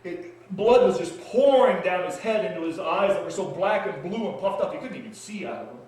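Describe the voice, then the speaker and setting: An actor playing a freed male prisoner, shaken and awestruck, in an intense dramatic stage monologue with halting pauses, recorded in an echoey hall from a distance. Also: sits high, expressive, a little mellow, a little hiss or hum. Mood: haunted. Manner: intense, halting, heavy pauses between phrases.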